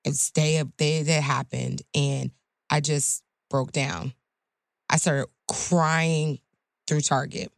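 A woman's voice: deep voice, steady tone, slow, gravelly, no echo, studio quality. A woman attorney talking in a casual podcast conversation, emotional and emphatic. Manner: emotional, emphatic, rising to loud indignation. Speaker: guest attorney.

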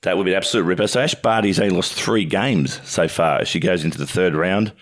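An Australian man co-hosting a sports show, matey and halting, with many restarts. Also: low voice. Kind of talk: casual sports chat.

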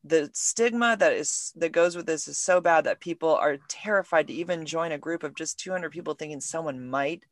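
A woman hosting a podcast, telling stories in an animated, emotional way. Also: low voice, normal speed, hardly any pauses, dry recording. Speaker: podcast host. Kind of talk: casual podcast conversation.

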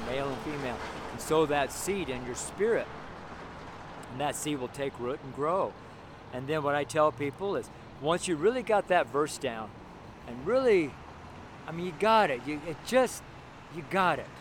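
A man preaching a street sermon outdoors by a busy intersection, talking in an earnest, rambling way with many fillers and restarts. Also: on the high side. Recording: noisy street recording with traffic. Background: loud traffic noise.

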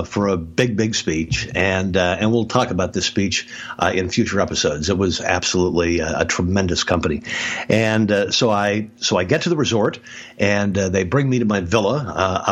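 A man telling a story in a casual podcast conversation, animated, with many restarts and sudden jumps in pitch. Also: husky. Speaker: podcast guest expert, speaker and author.

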